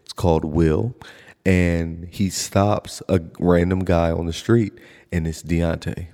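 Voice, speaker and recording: Gravelly young man telling animated stories. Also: low voice, takes it slowly, big-room sound. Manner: animated storyteller, breaks into laughter and loud retellings. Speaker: podcast co-host. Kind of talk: casual chat.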